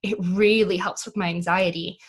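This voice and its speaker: A woman's voice: fairly low pitch, fairly even intonation, moderate pace, husky. A woman speaking as an actress guest in a casual interview, chatty, with many fillers and easy laughs. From United States.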